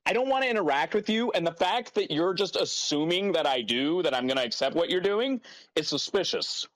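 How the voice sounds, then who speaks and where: A man's voice: a little high, lively intonation, fairly quick, a bit bright, no room sound, rough recording. A man chatting casually before a tabletop game, making wry, dry remarks. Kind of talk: casual pre-game banter.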